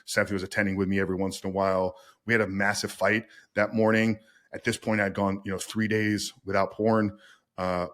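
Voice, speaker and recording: Earnest low-voiced man telling his story. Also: fairly bright tone. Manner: earnest, says "man" often, repeats words when starting thoughts. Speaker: podcast guest, recovery coach. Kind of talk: candid personal storytelling.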